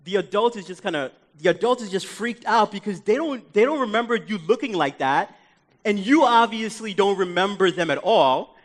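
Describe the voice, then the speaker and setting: A young man preaching a sermon as pastor, talking to the congregation in a conversational, animated way and sometimes dropping to soft pleading. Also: high-pitched, normal speed.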